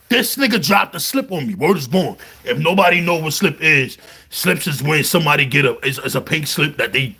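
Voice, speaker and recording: A man from Brooklyn with a gravelly, husky edge rides a bright, forceful tone a little above the usual pitch. He rambles through stories in thick street slang, circling back with repeated check-ins. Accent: New York, Brooklyn. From New York. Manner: animated storytelling, heavy slang, repeats "you heard". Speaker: vlogger. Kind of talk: casual monologue to camera.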